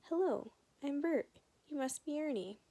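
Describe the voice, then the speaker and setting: A woman's voice: sits high, expressive, unhurried, warm tone, pitched above the performer's own voice. Woman doing a cheeky little boy. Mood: playful.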